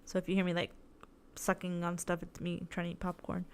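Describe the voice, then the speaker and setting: Young female podcast host, casual rambling storyteller, smooth clear tone, tired and sore. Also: fairly low pitch, monotone, a little fast, darkish tone. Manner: rambling, chatty storytelling with many "like"s. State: tired, in tooth pain. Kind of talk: casual solo podcast chat.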